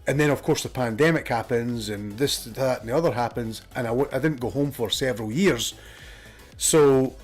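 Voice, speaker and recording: A Scottish man streaming from a room at home, chatting in a rambling way and reading his viewers' messages aloud. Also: mid-range voice. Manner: rambling, reads chat aloud. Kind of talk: casual chat with viewers.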